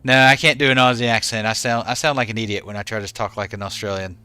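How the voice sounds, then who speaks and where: Bright, smooth-voiced man chatting to viewers. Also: on the low side, fairly even intonation, fast talker. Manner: chatty, answers chat by name. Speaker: game streamer. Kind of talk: casual chat with stream viewers.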